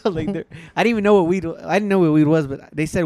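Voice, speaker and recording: A man's voice: a little high, very fast, darkish tone, no echo. A young man in casual chat, telling rambling stories and acting out what people said. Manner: rambling storyteller who acts out quotes.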